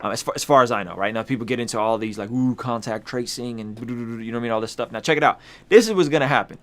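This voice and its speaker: A man's voice: medium pitch, fast, a bit bright. A man hosting a casual vlog, talking straight to his viewers, emphatic and repeating lines for effect. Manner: addresses viewers directly, conversational slang. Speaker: YouTube host.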